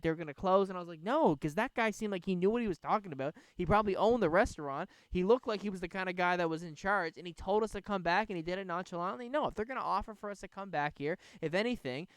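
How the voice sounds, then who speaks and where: A young man with a high-pitched, smooth voice speaks quickly and rarely pauses as he hosts a podcast by an outdoor bonfire. Recorded on a podcast microphone with no room sound, he casually rambles through a profane story, retelling it with animation.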